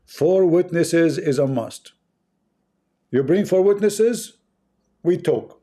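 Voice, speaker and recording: A livestream host talks in a slightly raised voice with a dark, mellow tone. He is sarcastic and repeats himself, tossing in chuckling asides. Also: a little high, lively intonation, slow. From Arab world. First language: Arabic. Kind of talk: mocking livestream commentary.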